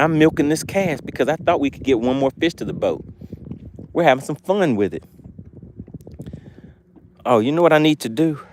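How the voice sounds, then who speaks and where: A man hosting a live fishing stream from a boat, chatting casually and laughing as he reads viewer comments aloud. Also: mid-range voice. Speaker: fishing channel host.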